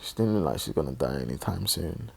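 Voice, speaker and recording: Deep gravelly man, halting storytelling. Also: animated. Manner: halting, reflective, many pauses and restarts. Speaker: online religious presenter. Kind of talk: personal storytelling.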